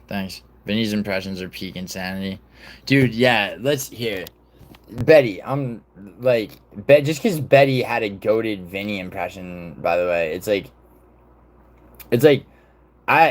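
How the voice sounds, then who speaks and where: A man hosting a casual livestream, rambling and swearing, full of fillers and restarts. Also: deep voice. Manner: reads news reports aloud. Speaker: livestream host.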